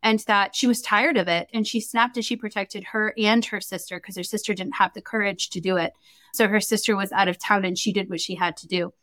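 A woman's voice: mid-range voice, brisk, dry recording. A young adult woman, a guest in a casual interview, telling a story and acting out the quoted dialogue. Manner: animated, acts out quoted dialogue. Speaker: guest, Akashic record reader.

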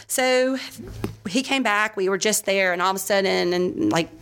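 A woman telling a personal testimony in a casual, self-deprecating way, with frequent "um" pauses and restarts. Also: medium pitch, a bit bright, a little hiss or hum. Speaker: speaker sharing a personal testimony.

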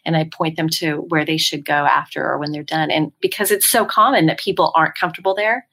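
Lively woman telling ghost tour stories. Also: low voice, fast talker, gravelly. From San Francisco Bay Area. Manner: animated storyteller, acts out quoted voices. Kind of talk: casual podcast chat.

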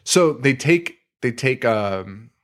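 A man co-hosting a podcast, casually retelling a film scene with excitement, swearing and laughing. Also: medium pitch, slow pace. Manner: excitable retelling, swearing, putting on silly voices. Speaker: podcast co-host. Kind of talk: casual film-review chat.

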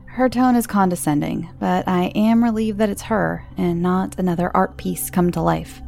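A woman narrating a first-person horror story in a hushed, tense storytelling manner. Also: lowish voice, normal speed, creaky. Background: music.

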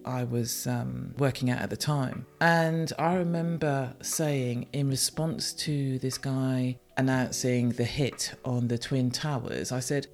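A woman's voice: rumbling low, measured pace, hardly any pauses, a little mellow, faint music behind. A woman from the UK, hosting a solo podcast and speaking frankly and emotionally, swearing freely. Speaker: podcast host.

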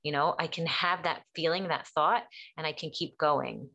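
A woman with a low voice talks through mental health topics in a relaxed, conversational way. She tells anecdotes and jumps into quoted dialogue with lively shifts. She sounds like a therapist sharing her experience. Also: moderate pace, creaky. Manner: animated storyteller acting out quotes. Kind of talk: casual explanatory chat.

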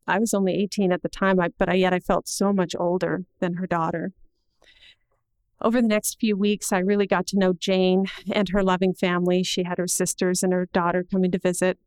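A middle-aged woman telling a personal story to an audience in an earnest, measured way, slowing down at the heavy moments. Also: lowish voice, a little mellow, clean tone, no echo, rough recording.

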